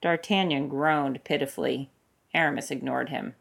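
A woman reads a story aloud with steady, expressive narration. Her voice is notably low for a woman, calm, and even. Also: moderate pace. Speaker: fanfic reader. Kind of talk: storybook reading.

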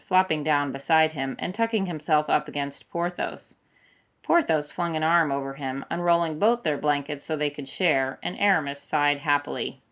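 A woman reading a story aloud with steady, expressive narration. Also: low-pitched. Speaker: fanfic reader.

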